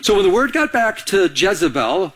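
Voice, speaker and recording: A middle-aged male pastor with a high voice, delivering a lively sermon full of personal stories. He talks in an animated way, doubling back and repeating words as he goes. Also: moderate pace.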